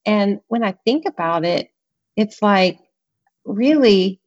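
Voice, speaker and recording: An earnest woman talks through hurt and anger as a podcast guest, leaning on emphatic repeats. Her voice sits at an ordinary middle pitch. The audio is a little dull and muffled, like a remote connection. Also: expressive, slow, darkish tone. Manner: earnest, emphatic storyteller, repeats words for stress. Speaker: author and guest. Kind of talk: podcast interview conversation.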